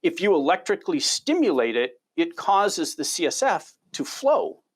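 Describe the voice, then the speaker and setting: A man's voice: on the high side, sing-song, normal speed, breathy edge. A middle-aged man, a biology researcher, answering interview questions as an enthusiastic storyteller who often repeats words when starting a sentence.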